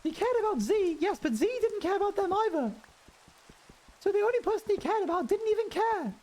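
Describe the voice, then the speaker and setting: A male streamer chats with his viewers in a strikingly high, put-on head voice. He rambles from thought to thought in a loose, casual way and laughs often. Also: sing-song, brisk, darkish tone, slight background noise. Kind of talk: casual live-stream chat while gaming.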